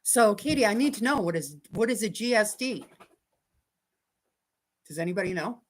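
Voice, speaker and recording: A woman's voice: medium pitch, animated, moderate pace. A woman hosting a casual quilting livestream from her home sewing room, chatting with viewers about their comments and talking to her dog.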